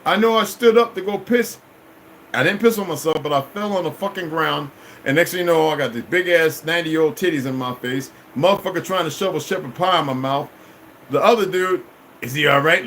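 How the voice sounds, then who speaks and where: A man's voice: on the high side, a little fast, a bit bright, slight background noise, low-quality recording. A middle-aged man telling a long personal story as a vlogger, in a rambling, profane, emphatic way. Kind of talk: casual storytelling monologue.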